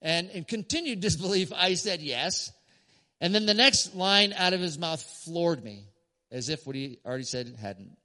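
A man preaching as a pastor, telling a story to a congregation with emphatic pauses and short laughs. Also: fairly high pitch, animated, sharp tone. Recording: long church hall reverb.

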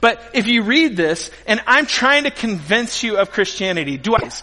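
A man preaching a sermon with a high, bright, forceful voice, telling stories with animated swings between loud and hushed lines. His words ring out with long reverb in a large church hall. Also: normal speed. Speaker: pastor.

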